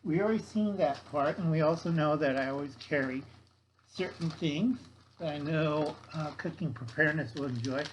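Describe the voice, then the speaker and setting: A man's voice: on the high side, moderate pace, a little hiss or hum, rough recording. An older man vlogging, showing his gear in a folksy way and calling viewers kids. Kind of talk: casual show-and-tell vlog.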